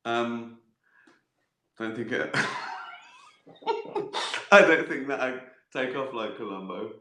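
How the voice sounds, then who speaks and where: A man's voice: mid-range voice, expressive, takes it slowly, fairly bright tone. A man hosting a casual livestream and answering viewer questions. He rambles, chuckles often and swears freely as he jokes. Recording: roomy echo.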